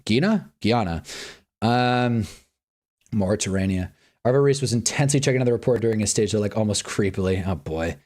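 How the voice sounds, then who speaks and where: A man's voice: fairly low pitch, fairly quick, darkish tone. A man hosting a livestream in casual chat, thinking aloud, muttering and swearing now and then. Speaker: livestream host. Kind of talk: casual live-stream chat.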